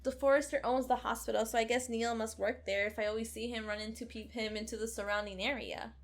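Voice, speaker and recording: A woman hosting a let's play, reading a visual novel aloud in an expressive, sarcastic way. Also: fairly high pitch, fast talker, faint music behind. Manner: expressive, sarcastic, occasional giggles.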